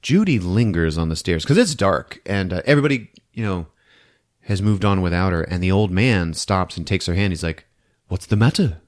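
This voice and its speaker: A man's voice: sits low, lively intonation, moderate pace. A man hosting a podcast, recapping a movie for laughs, often laughing and breaking into character voices. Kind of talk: comedic movie recap with acted-out quotes.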